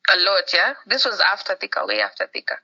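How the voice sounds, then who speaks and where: A woman's voice: medium pitch, sing-song, fast talker, bright, forceful tone. A woman with a Kenyan accent, a podcast guest telling a story in casual chat over a phone call. She acts out the people she quotes and drops Swahili words into her talk. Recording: muffled phone-call audio.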